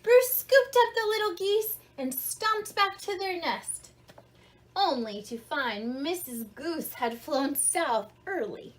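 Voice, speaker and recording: A woman reading a picture book aloud to children, her high, bright voice swooping up and down as she turns the story into a conversation. She takes her time and keeps pausing to ask the little listener questions. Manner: animated, asks children questions; explains words simply. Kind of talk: interactive storybook read-along.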